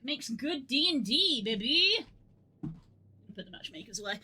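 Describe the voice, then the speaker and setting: A woman streamer in casual live-stream chat, excitable and laughing often. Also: high voice, unhurried, pauses often, breathy edge.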